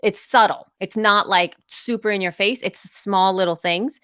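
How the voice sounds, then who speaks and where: A woman co-hosting a podcast, talking in animated, storytelling casual chat. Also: medium pitch, normal speed, clear, resonant tone, dry recording, studio quality. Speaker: podcast co-host.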